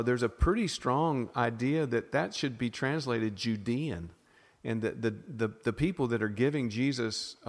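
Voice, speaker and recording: Southern man, podcast guest, mid-pitched, thoughtful explainer, long reverberant sound. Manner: thoughtful, self-interrupting explainer with frequent restarts. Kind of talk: casual teaching conversation.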